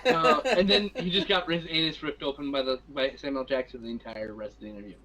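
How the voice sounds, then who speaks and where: A man's voice: mid-range voice, quick pace, bright, forceful tone, low-quality recording. A man co-hosting a casual chat stream, blunt and profane. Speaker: co-host.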